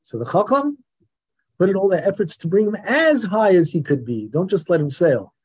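A man teaching a Torah class in a lively lecturing manner, acting out the voices of the people he describes. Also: high voice, moderate pace, husky. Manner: animated, acts out the questioner's voice.

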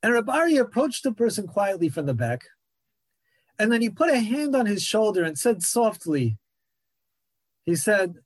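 Earnest high-voiced man teaching Torah. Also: sing-song, normal speed, husky, no room sound. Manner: earnest, repeats phrases for emphasis. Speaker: rabbi teaching a class. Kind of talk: Torah lecture.

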